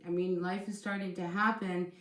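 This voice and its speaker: A woman's voice: fairly low pitch, little pitch movement, normal speed, reverberant. A woman giving a casual tarot reading, speaking in a chatty, reassuring way and often repeating herself as she restarts sentences. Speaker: tarot reader.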